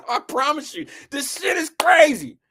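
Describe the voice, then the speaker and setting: A live show host telling a comedic rant, animated and profane, talking straight to the audience and swinging from shouts to low mutters. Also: slow pace. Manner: addresses the audience directly as "y'all" and "guys".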